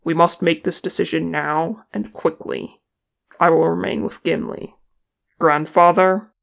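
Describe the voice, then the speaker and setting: A woman's voice: on the low side, steady tone, unhurried, vocal fry. A woman voicing Thorin, a stern male dwarf king who speaks tersely and decisively in an audiobook reading.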